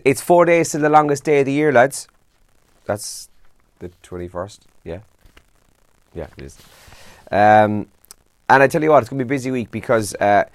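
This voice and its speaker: A man's voice: medium pitch, no echo. A young Irish man hosting a breakfast radio show, reading the morning papers and chatting casually, tired and yawning. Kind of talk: casual newspaper and trends roundup.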